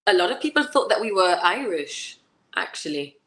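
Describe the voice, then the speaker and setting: A woman's voice: on the low side, very animated, normal speed, a bit bright. A woman in her twenties with a Gibraltarian accent, chatting as an interview guest and laughing as she tells stories. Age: 20s. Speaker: pageant contestant, guest. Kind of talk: casual interview chat.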